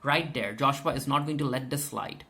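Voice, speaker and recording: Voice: medium pitch, normal speed, pushed and bright. A reviewer giving a chatty, casual episode recap, full of fillers and acted-out character lines. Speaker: TV show reviewer.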